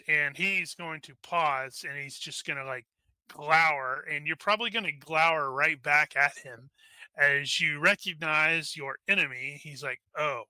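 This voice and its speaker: A game master narrates a tabletop game in a loose, rambling way, full of fillers and restarts. His voice is very bright and smooth, somewhat high for a man, and sits close and dry on the mic. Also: no room sound.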